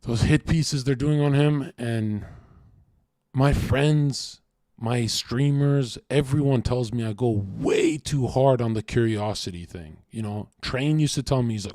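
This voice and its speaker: A man's voice: mid-range voice, measured pace, a little mellow, dry recording, studio quality. A man hosting a livestream, talking casually, swearing a lot and taunting his chat. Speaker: livestream host.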